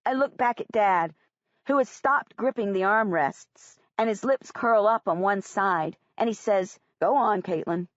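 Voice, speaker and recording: This unhurried, earnest female narrator reads a first-person audiobook in a plain storytelling style. There's no echo; the recording is close and dry, and the top end sounds a touch dull.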